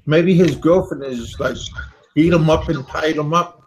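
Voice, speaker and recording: A man's voice: fairly high pitch, measured pace, noisy background. An American man hosting a casual group call, giggling and mildly scolding with hesitant restarts. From United States. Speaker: livestream host.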